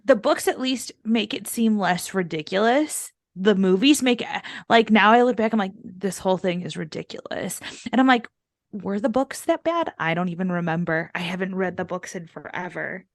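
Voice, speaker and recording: Young woman, podcast co-host, casual rambling chat, frequent swearing, mid-range pitch, dry close mic. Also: moderate pace, hardly any pauses, no echo. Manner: rambling, swears freely, many "like" fillers.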